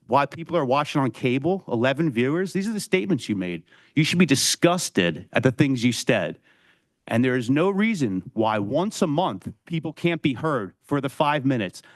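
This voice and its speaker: A man with a slightly raised pitch speaks at a council podium microphone, and the sound is close and dry. His public comment is angry and confrontational, with a scolding edge running through every line. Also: no echo. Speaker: resident giving public comment. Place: council chamber.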